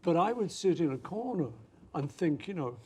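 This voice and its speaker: A man's voice: on the high side, moderate pace, slight background noise. A man in his seventies, an interview guest reminiscing in conversation, telling anecdotes and acting out old quotes. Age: 70s. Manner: anecdotal, acts out quotes with lively asides.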